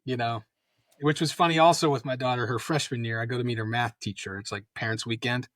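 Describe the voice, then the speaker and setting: A man's voice: medium pitch, steady tone, fast, fairly bright tone, no echo, clean studio sound. A man in his fifties, a retired army colonel, telling rambling anecdotes full of fillers in a casual interview. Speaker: guest, retired Special Forces colonel.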